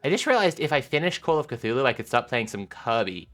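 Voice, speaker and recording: A woman streamer chatting casually with her viewers, animated and giggly, rambling with lots of filler sounds. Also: rumbling low, fast, soft background music. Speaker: live streamer.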